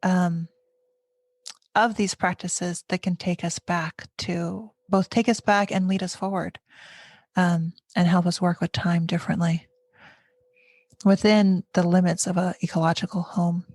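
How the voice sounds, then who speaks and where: Woman hosting a podcast, lowish voice, slow and searching, dry close sound. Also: fairly even intonation, darkish tone, dry recording. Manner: thoughtful, searching phrasing with many pauses. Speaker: podcast host. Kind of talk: reflective conversation.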